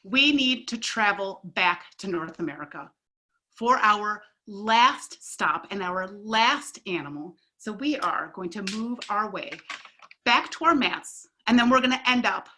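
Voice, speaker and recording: A woman leading a children's online camp class, speaking in an animated, encouraging way and narrating imagined trips for the kids. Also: mid-range voice, unhurried, slight background noise, rough recording. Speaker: camp instructor.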